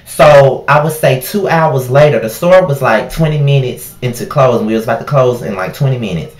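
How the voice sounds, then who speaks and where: A man telling a profane, animated storytime vlog about a night at work. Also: mid-range voice, brisk, reverberant.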